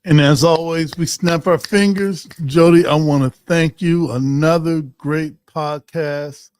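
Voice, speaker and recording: A man hosting a community podcast in casual chat, quick with affirming interjections. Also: a little high, fairly even intonation, clear, resonant tone, dry recording, studio quality. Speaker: podcast host.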